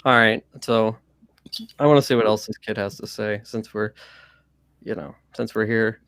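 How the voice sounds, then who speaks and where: A man's voice: lowish voice, steady tone, moderate pace, fairly bright tone, clean tone, no echo, clean studio sound. A man hosting a charity livestream in an easygoing way, laughing often and thanking donors. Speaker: livestream host. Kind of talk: casual chat.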